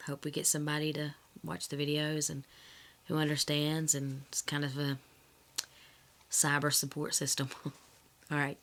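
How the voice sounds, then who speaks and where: A woman talking candidly to camera in a personal vlog, rambling and correcting herself, with a slight cough and throat-clearing. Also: deep voice, completely flat delivery, moderate pace, fairly bright tone, a little hiss or hum. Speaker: vlogger.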